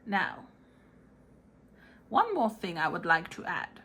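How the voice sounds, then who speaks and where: A woman's voice: fairly low pitch, wildly swooping pitch, slow pace, pushed and bright, breathy edge, full character voice. A woman voicing a cheerful, rambling male wizard puppet in a playful tarot reading, with a theatrical manner that slips into a posh put-on accent.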